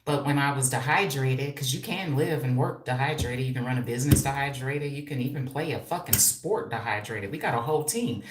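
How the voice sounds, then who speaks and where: A woman's voice: extremely low pitch, a little fast, few pauses. A woman of fifty hosting a casual livestream from home, brash and profane and laughing often as she reads viewer comments. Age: 50s. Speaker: hairstylist and livestream host. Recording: echoey room.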